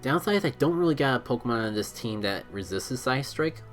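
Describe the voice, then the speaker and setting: A man talks through his game live in an even, middle-pitched voice. He thinks aloud, second-guesses his choices and is openly hard on himself. Faint game music plays under him. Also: fast talker. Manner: excitable, thinks aloud, self-critical. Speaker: streamer playing a mobile game. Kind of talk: live gameplay commentary.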